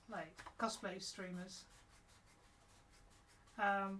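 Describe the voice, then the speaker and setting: A woman's voice: medium pitch, fairly bright tone. A woman with a mixed British, American and Mancunian accent, chatting casually and rambling while she works on cosplay during a live stream. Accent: mixed British and American with Mancunian traces. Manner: rambling, chatty, trailing off mid-sentence.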